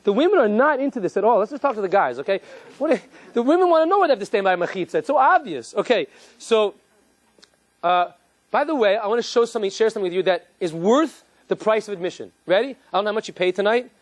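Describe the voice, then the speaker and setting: A man, a rabbi, giving an animated, joking lecture and quizzing his live audience. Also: high voice, fast talker, no echo.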